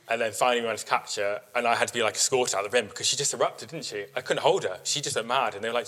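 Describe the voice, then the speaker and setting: A man, a sheep breeder, giving an informal workshop talk to an audience, chatty and quick to act out what people said, laughing often. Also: medium pitch, crowd noise. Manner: chatty storyteller, acts out quotes, laughs often. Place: live workshop in front of an audience.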